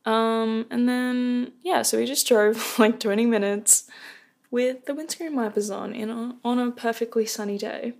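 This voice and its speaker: A woman's voice: on the high side, steady tone, measured pace, vocal fry, darkish tone. A young woman hosting a casual rant podcast, rambling and self-deprecating on a close microphone. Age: young adult. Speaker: podcast host. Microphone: close podcast mic.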